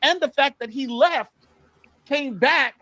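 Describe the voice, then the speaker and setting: A New York man hosts a casual panel discussion, arguing his position and building it up point by point. His voice is very high and slow, with crowd noise in the background.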